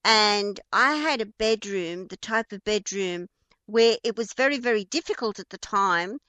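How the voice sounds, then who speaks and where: A woman with an Australian accent teaches at an unhurried, deliberate pace, often pausing with ums and starting her sentences over. Her voice sits at a middling pitch, and the recording is close and dry, with no room sound. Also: animated, pushed and bright, no echo. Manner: unhurried, explanatory, frequent ums and restarts. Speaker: feng shui teacher. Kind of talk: informal spoken lesson.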